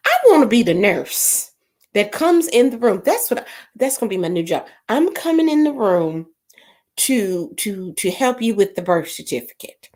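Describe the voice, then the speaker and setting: A woman's voice: mid-range voice, sing-song, normal speed, a little mellow. A woman, hosting a casual livestream and reading viewer comments aloud, laughing often and puzzling over unusual names.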